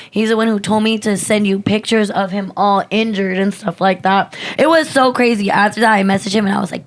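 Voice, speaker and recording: A young woman co-hosting a podcast, telling a story in a casual, animated way, swearing a lot and acting out quotes. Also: medium pitch. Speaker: podcast co-host.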